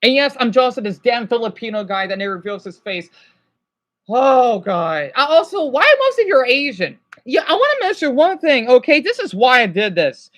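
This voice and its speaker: A stressed man vlogs an unscripted, emotional rant to his viewers, his very high-pitched, fairly bright voice moving a little fast and very animated. He rambles in an agitated way, swearing and then apologizing.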